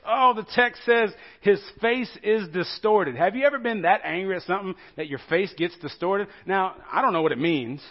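A man preaching a sermon as pastor, telling the story with animated rhetorical questions to the congregation. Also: high-pitched, normal speed, few pauses, muffled recording.

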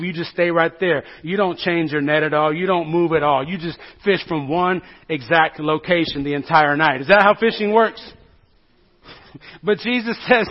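A male pastor with a fairly high voice delivers a relaxed, joking sermon in a church, tossing questions out to his congregation. The recording sounds dull and lo-fi.

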